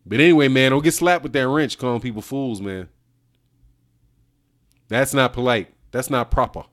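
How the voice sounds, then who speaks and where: A man's voice: mid-range voice, moderate pace, a bit bright. A man hosting a boxing livestream, chatting casually with his viewers in slang, laughing often and calling people "dog" and "man". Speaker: boxing channel host. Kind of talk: casual livestream chat reading super chats.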